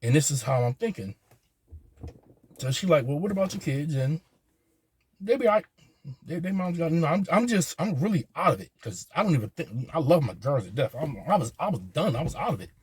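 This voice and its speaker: A man, speaking earnestly in a halting personal monologue, often repeating his words. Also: a little high, very animated, husky, dry recording. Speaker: vlogger.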